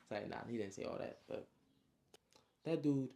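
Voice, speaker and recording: A man casually recapping his own story, slangy and animated, with frequent asides. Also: medium pitch, normal speed, creaky.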